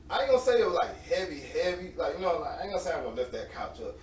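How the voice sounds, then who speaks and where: A man in his late twenties, an interview guest, telling animated, slangy stories and laughing often. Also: on the high side, very fast. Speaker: interview guest, semi-pro football player. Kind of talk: casual storytelling. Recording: roomy, distant mic with faint noise.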